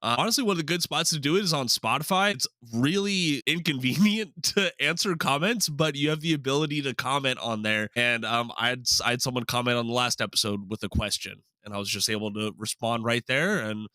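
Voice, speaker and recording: A man's voice: medium pitch, brisk, hardly any pauses, dry recording. A man hosting a casual sports podcast, upbeat and jokey. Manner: upbeat, jokey, lively delivery. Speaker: podcast host.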